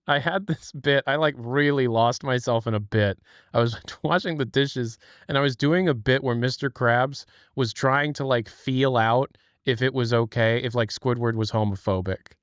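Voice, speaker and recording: Co-host, easygoing man, smooth voice, rambling, laughs at himself. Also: mid-range voice, moderate pace, no echo, studio quality. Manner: laughing, rambling, self-mocking. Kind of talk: casual livestream chat.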